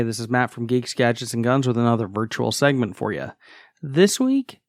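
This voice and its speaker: A man's voice: medium pitch, no room sound, clean studio sound. A man presenting a podcast segment, casually explaining how tech systems work. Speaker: segment contributor.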